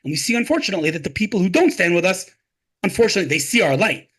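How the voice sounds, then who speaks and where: A man's voice: high voice, big pitch swings, rapid-fire, a bit bright, breathy edge. A man talking passionately as an interview guest, emphatic and full of rhetorical questions and repeated phrases. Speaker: guest, tech advocate.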